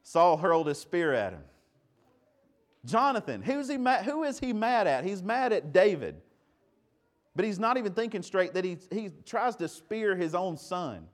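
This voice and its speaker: A male pastor delivers a sermon in a fairly high-pitched voice, talking to the congregation conversationally. He asks rhetorical questions and often stumbles over repeated words. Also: very animated, normal speed.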